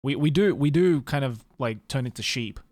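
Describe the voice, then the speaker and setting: An Australian man streaming, chatting casually with viewers in a musing, hesitant way, slowing down to sound out words. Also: mid-range voice, lively intonation, a little mellow, dry recording.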